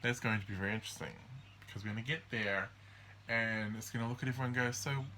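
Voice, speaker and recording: Bright-voiced man rambling through astrology. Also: lowish voice, steady tone, slight background noise. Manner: rambling and hesitant, full of ums and restarts; acts out the signs in quick quoted voices. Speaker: astrology host. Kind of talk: casual monthly astrology walkthrough.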